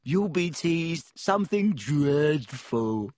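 A man voicing the ghost of a teenage girl who taunts with slow, gleeful words. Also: fairly high pitch, animated, darkish tone, no room sound, clean studio sound, voice pushed up. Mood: gloating.

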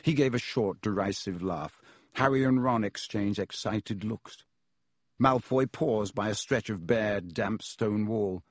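Homme, narrateur de livre audio, son sec. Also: male voice, on the low side, measured pace, dry recording, clean studio sound. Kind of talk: scripted storybook narration.

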